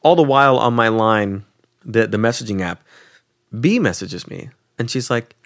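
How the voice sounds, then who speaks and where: This young podcast co-host talks at a normal speed, recorded cleanly in a studio with no echo. He tells a travel story casually and animatedly, acting out the people in it with sudden pitch jumps, swearing casually and using fillers like "like".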